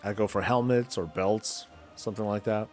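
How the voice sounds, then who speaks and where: A man streaming a game, chatting casually in a loose, slangy, rambling way as he thinks out loud. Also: fairly low pitch, fairly even intonation, moderate pace, soft background music. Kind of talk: casual chat while gaming.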